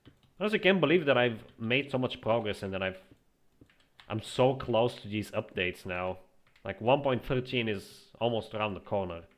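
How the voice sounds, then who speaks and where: Low-voiced man musing over his game. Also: moderate pace. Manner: relaxed, musing aloud with frequent restarts. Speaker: streamer. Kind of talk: casual gameplay commentary.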